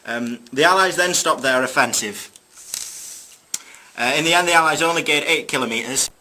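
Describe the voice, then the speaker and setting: Bright-voiced young man narrating history. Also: on the high side, normal speed, a little hiss or hum. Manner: jokey asides, hesitant fillers. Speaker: student presenter. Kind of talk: narrating a school history video.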